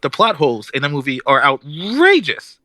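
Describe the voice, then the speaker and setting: Man, podcast co-host, animated ranter; bright, tense, slightly high voice, dry close mic. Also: moderate pace, no echo. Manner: animated ranting, mimics characters mid-story. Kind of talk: casual chat.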